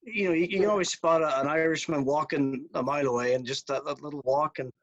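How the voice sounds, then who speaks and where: A man hosting a podcast, asking long, halting questions in casual chat. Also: a little high, fairly even intonation, highs cut off. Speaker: podcast host.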